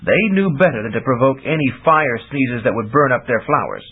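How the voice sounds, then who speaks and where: Animated male audiobook narrator, husky tone, lo-fi phone-band sound. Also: mid-range voice, brisk. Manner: animated storytelling. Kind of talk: scripted narration. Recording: tinny lo-fi audiobook recording.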